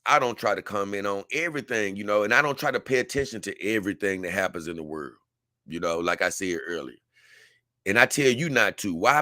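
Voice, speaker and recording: A man's voice: lowish voice, bright, forceful tone, dry recording, clean studio sound. Earnest man telling a story. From Memphis, Tennessee. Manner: earnest, rambling storytelling with many restarts. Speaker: vlogger. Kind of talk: casual talk to camera.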